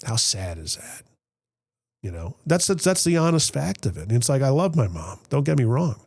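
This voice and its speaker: Man, Middle Tennessee accent, podcast host, reflective storytelling, husky, dry close sound. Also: mid-range voice, sing-song, normal speed, dry recording. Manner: reflective, emotional, trails off softly. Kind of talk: candid conversational storytelling.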